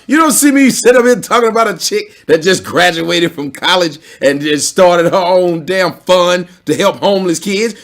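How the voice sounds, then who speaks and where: A man hosting a commentary video, ranting in a blunt, profane, mocking way that swings from low grumbling to loud exclamations. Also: expressive, moderate pace, hardly any pauses. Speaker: commentary channel host.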